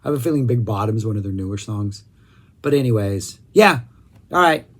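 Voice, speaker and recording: A man's voice: fairly low pitch, lively intonation, a little fast. A man hosting a music review vlog, talking in a casual, enthusiastic and rambling way, often correcting himself mid-sentence.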